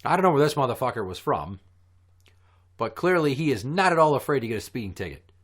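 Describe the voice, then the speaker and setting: A man's voice: medium pitch, fast talker. Foul-mouthed man telling a story. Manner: profane, animated storyteller. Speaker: podcast host. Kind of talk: casual storytelling chat.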